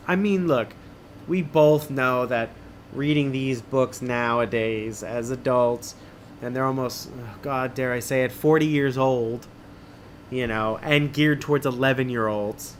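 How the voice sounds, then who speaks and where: A man's voice: medium pitch, slight background noise. A middle-aged man streaming as he reads an adventure book aloud, with wisecracking, self-mocking asides. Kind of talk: casual read-aloud with joking asides.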